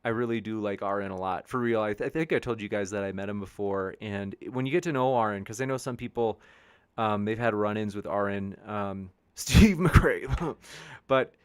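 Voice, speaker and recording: A man's voice: fairly low pitch, brisk, smooth, no echo. Upbeat rambling man hosting a live stream. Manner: rambling and upbeat, with many restarts. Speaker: debate show host. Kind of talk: casual live-stream chat, reading viewer comments. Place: home studio with a backdrop sheet behind.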